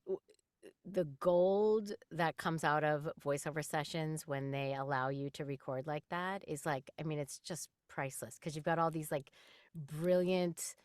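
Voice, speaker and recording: A woman voice actress talking casually in an interview, animated and chatty, laughing often. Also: low voice, no echo, studio quality. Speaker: voice actress guest.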